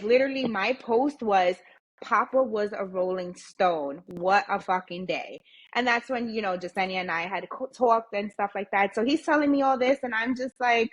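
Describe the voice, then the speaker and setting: A woman's voice: mid-range voice, low-quality recording. A woman in her late twenties or thirties talks as a podcast guest, candid and blunt, with a mid-range voice. She swears freely and drops into the voices of the people she quotes as she tells her story. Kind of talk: casual storytelling chat.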